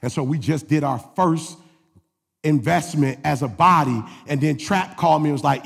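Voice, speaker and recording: A man preaching a sermon as pastor, swinging between shouted exhortation and low confiding asides. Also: normal speed, creaky, breathy edge, long reverb tail.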